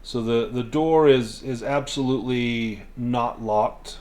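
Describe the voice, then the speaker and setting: A man running a tabletop game as game master, narrating in a relaxed, descriptive way with some restarts. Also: medium pitch, slow.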